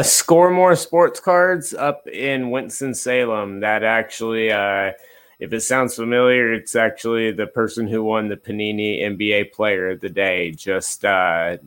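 A man with a lowish, slightly bright voice is a guest in a casual interview. He's a card collector and dealer, and he talks in an easygoing, rambling way, restarting often.

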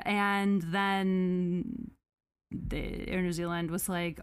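A woman hosting a podcast, retelling a story in a casual, animated, sarcastic way with mock quotes. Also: lowish voice, slow pace, clean tone. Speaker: podcast host.

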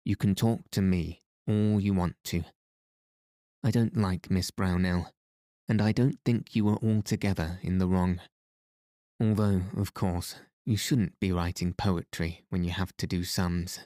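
Man doing a kind gentle aunt, soft and reassuring, warm low voice. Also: steady tone, unhurried, no echo, clean studio sound.

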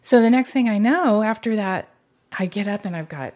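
A woman's voice: on the high side, moderate pace, a little mellow. A middle-aged woman telling her conversion story in a conversational way, emotional and rambling, with many restarts and "you know"s. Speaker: guest sharing her faith story. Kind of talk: conversational testimony.

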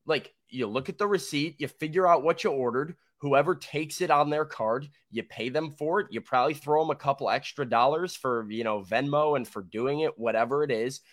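A man co-hosting a sports radio morning show, giving his opinions in relaxed casual chat. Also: mid-range voice, a little fast, few pauses, dry recording, clean studio sound. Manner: opinionated, conversational with fillers.

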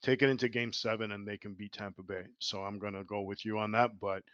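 A man's voice: on the low side, little pitch movement, a little fast, fairly bright tone, dry recording. A man giving emphatic, rambling opinions as a guest in a casual sports chat. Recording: dull, dry lo-fi sound.

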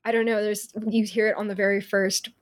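A woman's voice: mid-range voice, little pitch movement, a little fast. A woman author answering interview questions in an articulate way, with frequent fillers and asides.

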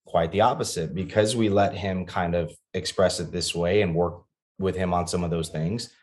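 A man's voice: sits low, steady tone, normal speed, darkish tone. A man in his thirties talking as a guest on a podcast about being a father, earnest and reflective, with many restarts and fillers.

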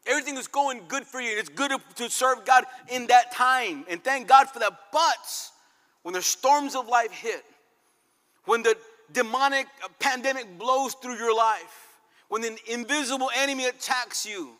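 A man preaching a fervent sermon, swinging between loud calls and quiet passages. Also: very high voice, moderate pace. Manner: fervent, dramatic swings in loudness. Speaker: pastor. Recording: long reverb hall.

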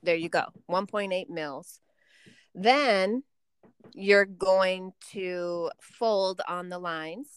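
A woman co-hosting a podcast in casual chat, animated and quick to laugh. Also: on the low side, clean tone, dry recording, clean studio sound. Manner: chatty, laughs often, animated. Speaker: podcast co-host.

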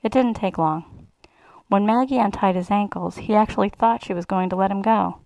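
A woman reads a first-person erotic story aloud, sly and relishing. Her voice has a gravelly fry and sits in a middle pitch. The recording is close and dry. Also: moderate pace, a little mellow, no echo, poor audio. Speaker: reader.

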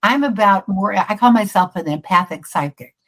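A woman's voice: mid-range voice, animated, normal speed, rough recording. Brief: middle-aged woman, psychic guest, chatty and self-interrupting. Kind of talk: casual interview chat.

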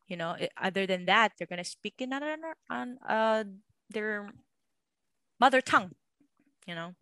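A woman's voice: mid-range voice, normal speed, bright, forceful tone, smooth, no echo. A young woman from Macau co-hosting a casual podcast, rambling with many fillers. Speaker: podcast co-host.

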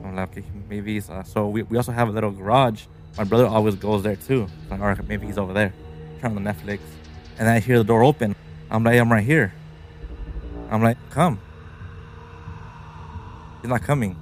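Low-voiced, laid-back male storyteller. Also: fairly even intonation, a little fast, pauses often, faint music behind. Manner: laid-back, rambling, swears casually. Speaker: podcast co-host. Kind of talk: casual storytelling chat.

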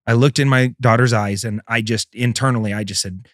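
A middle-aged man, a podcast host, telling an emotional personal story, his voice swinging between loud and hushed. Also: mid-range voice, fairly even intonation, a little fast, few pauses, dry recording, clean studio sound.

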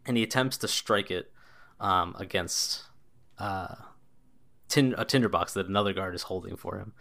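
A man's voice: low-pitched, normal speed, vocal fry, bright, forceful tone. A man narrating as game master of a tabletop game, in a loose, descriptive way with lots of casual filler words.

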